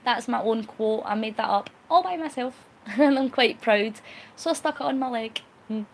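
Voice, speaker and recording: A woman hosts a relaxed live-stream chat, answering viewer comments one by one. Her voice sits somewhat high for a woman. She is talkative and a little cheeky and laughs easily. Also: moderate pace, slight background noise. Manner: chatty and cheeky, laughs often. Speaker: vlogger.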